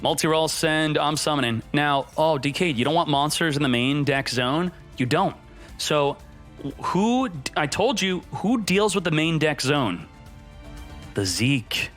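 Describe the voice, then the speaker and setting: A man streaming a card game, giving excited, jokey commentary and talking to himself as he plays. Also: fairly high pitch, a little slow, faint music behind. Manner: hyped, jokey, talks to himself while playing. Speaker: gaming streamer.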